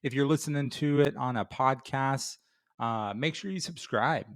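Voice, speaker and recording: A man's voice: medium pitch, moderate pace. A middle-aged man hosting a beer review show, telling a casual story full of fillers and restarts before giving his rating. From Florida. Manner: rambling with many fillers and restarts.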